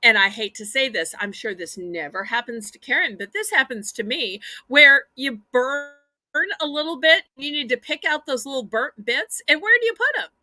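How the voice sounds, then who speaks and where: A woman with a Southern American accent hosting a live home-shopping auction, with chatty, animated selling patter. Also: sits high, normal speed, dry recording.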